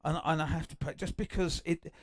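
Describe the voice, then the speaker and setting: An older English man hosting a livestream, chatting in a rambling, excitable way with many restarts between songs. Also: on the high side, fairly quick. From England. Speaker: livestream host and guitarist. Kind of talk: casual chat between songs. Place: home livestream. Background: acoustic guitar.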